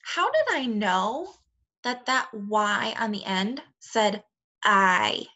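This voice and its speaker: A woman with a bright, clear voice leads a remote phonics lesson for second graders. She talks slowly and plainly, sounding words out and praising the kids often. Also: medium pitch, expressive. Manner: slow, clear, encouraging teacher talk to young children.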